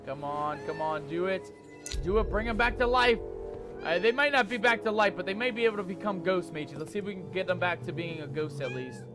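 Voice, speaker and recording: Guy streaming a pirate game, high voice, says matey a lot, music behind him. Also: a little fast. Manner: playful pirate talk, reads chat. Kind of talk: live gameplay commentary. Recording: music playing under voice.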